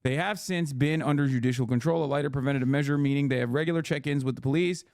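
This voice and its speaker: A man co-hosting a live stream, chatting sarcastically and reading news articles aloud quickly. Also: medium pitch, a little mellow, no echo, studio quality. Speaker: streamer co-host.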